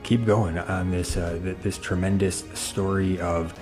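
A male interview host who speaks in a measured, explanatory way to his viewers. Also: deep voice, steady tone, over music. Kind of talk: interview hosting.

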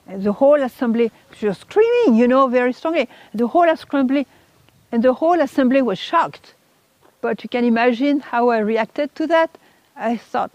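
A middle-aged woman telling an emotional personal testimony, halting and repeating words, her voice rising when she quotes others. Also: a little high, animated, darkish tone, no room sound. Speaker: speaker giving a testimony. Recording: dull lo-fi recording.

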